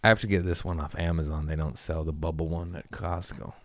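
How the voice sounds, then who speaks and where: Low-voiced man rambling jokey stories. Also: steady tone, a little fast, dry recording. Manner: loose, jokey, swearing, trailing asides. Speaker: podcast host. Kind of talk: casual rambling storytelling. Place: home.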